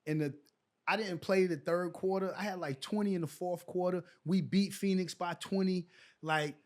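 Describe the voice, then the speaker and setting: Animated middle-aged man telling stories. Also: high-pitched, moderate pace. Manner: animated storyteller who acts out quoted exchanges. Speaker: guest, former pro basketball player. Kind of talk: casual storytelling interview.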